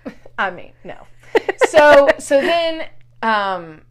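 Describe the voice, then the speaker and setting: A woman in casual chat, telling a story in a swearing, animated way and acting out what people said. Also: sits high, takes it slowly. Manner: profane, animated storytelling with acted-out quotes.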